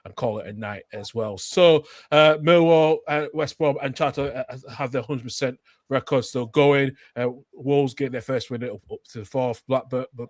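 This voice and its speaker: A man hosting a relaxed football chat show. He talks at a mid pitch in a loose, rambling way and keeps adding "as well" to his sentences. The sound is dry and close. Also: moderate pace, no echo. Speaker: podcast host. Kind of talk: casual football podcast chat.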